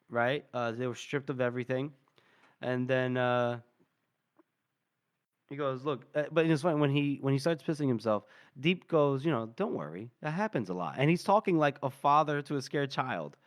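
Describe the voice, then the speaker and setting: A man's voice: medium pitch, smooth. A man co-hosting a book podcast, casually retelling scenes and acting out the characters' lines between laughs. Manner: retells scenes with quick voiced quotes and laughter. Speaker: podcast co-host.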